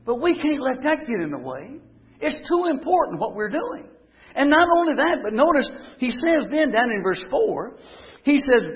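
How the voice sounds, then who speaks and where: A man's voice: extremely high pitch, very animated, moderate pace. A man preaching a sermon, telling stories and rising to emphatic declarations. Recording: dull lo-fi recording.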